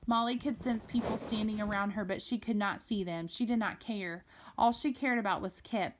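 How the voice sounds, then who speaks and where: A woman reading a novel aloud, telling the story in a steady, expressive way. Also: medium pitch, normal speed, noisy background. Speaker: reader.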